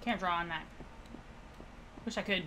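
A woman's voice: on the low side, a little slow, sharp tone, a little hiss or hum. A young woman casually thinking aloud and joking sarcastically with her chat while she streams a puzzle game. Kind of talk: casual let's-play commentary to chat.

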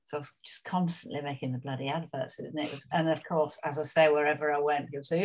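An older woman with a notably low, deep voice, telling stories from her career at an easy conversational clip. She wanders into asides and fillers, chatty and unhurried. Her tone is frank and anecdotal. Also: level tone. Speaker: actress interviewee. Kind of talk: reflective career interview.

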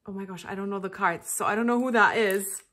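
A woman chatting casually to camera while unboxing, gushing and excitable, breaking into gasps and laughs. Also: mid-range voice, fast talker. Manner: chatty and rambling, with fillers and restarts. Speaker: vlogger.

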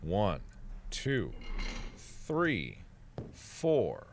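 A man in his twenties commentating as he plays a game, swearing in frustration and repeating phrases over and over, swinging from muttering under his breath to loud yelling. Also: on the low side, wildly swooping pitch, extremely slow, gravelly, slight background noise. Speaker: gaming video host. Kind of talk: let's play commentary.

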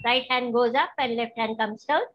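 A woman leading a guided healing practice, gentle and instructive, often checking that her listeners follow. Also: a little high, steady tone, normal speed. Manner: gentle, instructive, asks for confirmation. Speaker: spiritual teacher. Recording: dull, lo-fi.

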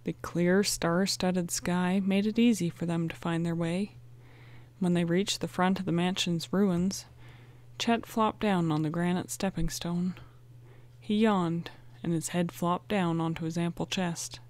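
A woman narrating a storybook in a clear, even way. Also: lowish voice, unhurried. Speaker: audiobook narrator.

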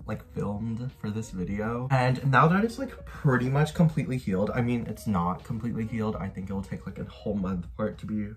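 A man's voice: on the low side, a little fast, few pauses, faint music behind. A young man in his twenties chatting casually for his vlog, bubbly and gushing, with lots of filler words. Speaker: YouTuber.

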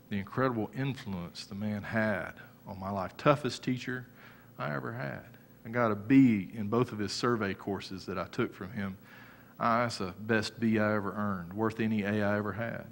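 A middle-aged man preaching from the pulpit in an animated storytelling manner. His voice sits at an ordinary male pitch and swings from hushed, low moments to sudden loud rises. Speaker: pastor. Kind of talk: sermon.

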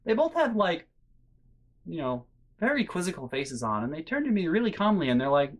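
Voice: mid-range voice, very animated, fairly quick. A vlogger tells a casual story at home in a mid-range voice. They ramble, lean on fillers, swear freely, and sound incredulous throughout. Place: bedroom at home.

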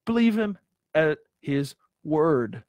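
A man delivers a sermon in a fairly high voice, pressing his point with repeated rhetorical questions. The sound is dry and close, with no room echo. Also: big pitch swings, slow, a little mellow. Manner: emphatic, repeats himself, asks the listeners rhetorical questions. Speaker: preacher.

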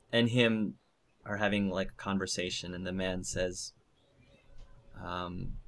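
A man's voice: on the low side, a bit bright. A man narrating a tabletop game as game master, hesitant, with many fillers.

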